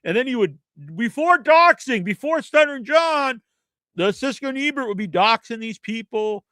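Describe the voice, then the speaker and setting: A man's voice: very high voice, animated, normal speed, pushed and bright, dry recording. A man hosting a podcast, ranting in a casual, rambling and profane way. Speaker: podcast host. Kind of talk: casual rant.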